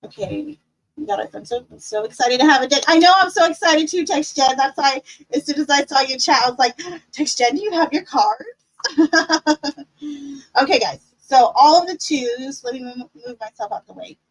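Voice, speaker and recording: At normal speed and with poor audio, a high-pitched woman teaches a relaxed tarot class over live stream. The cheerful, encouraging teacher chats freely, using plenty of fillers.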